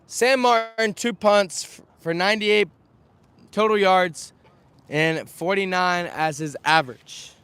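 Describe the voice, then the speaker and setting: A man's voice: high voice, slow, clean tone, dry recording. A young man recovering from a slightly scratchy voice, talking energetically through a live sports recap outdoors on a windy day, speaking to a camera on a stand. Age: young adult. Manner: energetic, chatty, lists stats. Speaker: sports vlogger. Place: outdoors outside a stadium, windy.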